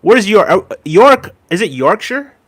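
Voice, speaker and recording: A man's voice: high voice, big pitch swings, a little slow. Laid-back man chatting on a livestream. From United States. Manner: laid-back, chuckles often, reads comments aloud. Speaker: livestream host. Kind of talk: casual livestream chat reading comments.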